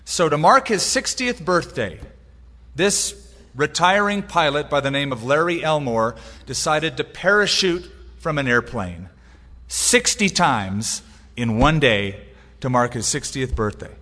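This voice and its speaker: A pastor delivering an emphatic sermon, his voice rising and falling with light humor. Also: in a large hall. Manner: emphatic preaching with wide swings in pitch and loudness, light humor.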